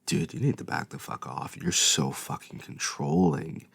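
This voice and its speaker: A man's voice: on the low side, wildly swooping pitch, normal speed, creaky, breathy edge, pitched above the performer's own voice, full character voice. A man voicing a defiant young woman. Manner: exasperated, pleading. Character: defiant young woman at odds with her father.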